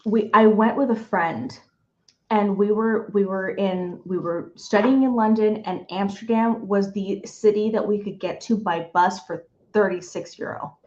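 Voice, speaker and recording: A woman's voice: medium pitch, unhurried, darkish tone. A young woman hosting a live stream, chatty and enthusiastic, often repeating herself. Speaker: streamer host. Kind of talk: casual live-stream chat. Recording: dull lo-fi stream audio.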